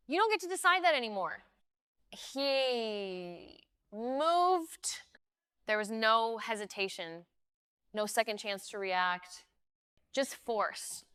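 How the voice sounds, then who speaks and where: Brief: woman storyteller, slow and dramatic, bright and very clear voice. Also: medium pitch, no echo, studio quality. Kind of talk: scripted first-person story narration.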